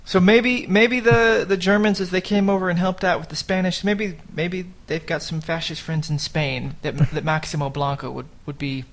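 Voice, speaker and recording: A man's voice: sits high, fairly even intonation, normal speed, hardly any pauses. Chatty joking podcast host man. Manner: chatty, jokey, swears casually. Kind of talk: casual chat.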